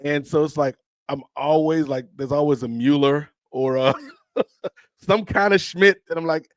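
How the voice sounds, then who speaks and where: Podcast co-host, male, slightly high voice, animated storyteller, dry mic. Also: measured pace, no echo. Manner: animated storyteller acting out dialogue. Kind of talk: casual storytelling chat.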